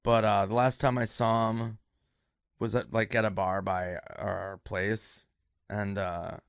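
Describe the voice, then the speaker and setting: A man's voice: on the low side, little pitch movement, slow pace, gravelly, smooth, dry recording. Man, comedian, casual storytelling, rambling, swears a lot, dry close sound. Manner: rambling anecdote, swears freely, trails into soft sad tones. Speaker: stand-up comedian.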